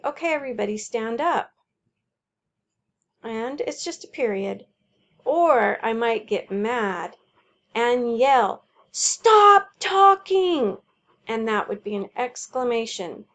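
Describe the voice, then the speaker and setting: A woman teacher explaining a homework sheet in a slow, careful way, walking through examples. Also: on the high side.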